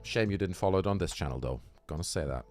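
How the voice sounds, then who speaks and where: Speaking fast in a low voice with lively intonation, a man on a casual livestream rants with heat and plenty of swearing. He talks straight to his chat while drinking, and faint music sits in the background.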